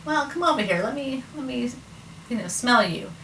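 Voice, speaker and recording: A woman voicing an old, slow, skeptical father speaking in a drawl. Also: a little high, animated, a bit bright, pitched above the performer's own voice. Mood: wary. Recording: roomy, distant mic, faint noise.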